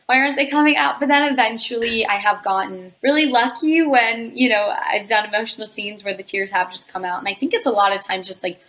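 A woman's voice: mid-range voice, fairly quick, hardly any pauses, fairly bright tone, a little hiss or hum, poor audio. A young woman, an actress guest in an interview, answering in a chatty way with many filler words.

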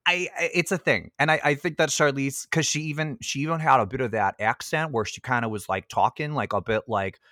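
A man's voice: mid-range voice, a little fast, few pauses, dry recording. Male podcast co-host, loose and filler-heavy, recorded dry and close. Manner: chatty, many fillers, animated asides. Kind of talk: casual movie review chat.

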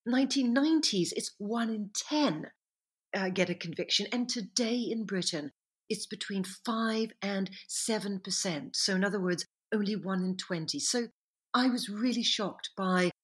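Husky-voiced woman historian. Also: mid-range voice. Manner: reflective, measured, stops to correct herself. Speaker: historian and author guest. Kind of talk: podcast interview answers.

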